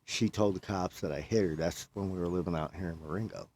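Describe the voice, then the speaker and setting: A man with a low, somewhat mellow, husky voice talks fast in a casual chat. He rambles through a long personal story, repeating himself and often quoting his own words.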